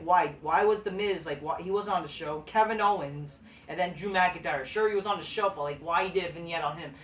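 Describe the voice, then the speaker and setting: In a ranting video review of a wrestling show, a woman delivers profane, sarcastic commentary. Her voice is medium in pitch with a fairly bright tone, and the recording sounds roomy, as if she is far from the mic.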